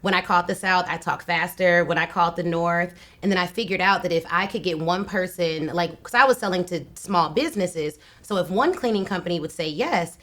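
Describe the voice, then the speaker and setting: A woman's voice: on the low side, a little fast, few pauses. A woman in her thirties, a podcast guest, telling stories in a casual interview with lots of energy and frequent laughter. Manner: energetic storyteller, laughs often.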